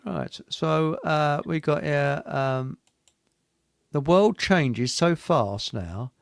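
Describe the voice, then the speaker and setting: A man's voice: fairly high pitch, gravelly, clear, resonant tone, dry recording, clean studio sound. A British man hosting a casual chat show, joking and rambling, reading out viewer comments. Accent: British English. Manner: joking, rambling, quick laughs. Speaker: show host.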